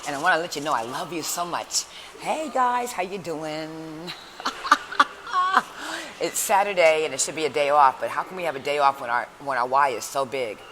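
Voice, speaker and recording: A woman's voice: sits low, brisk. Chatty woman vlogging over background noise. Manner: lively, chatty storytelling. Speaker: motivational speaker. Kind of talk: casual vlog talk. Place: indoors at a women's shelter. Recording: noisy background.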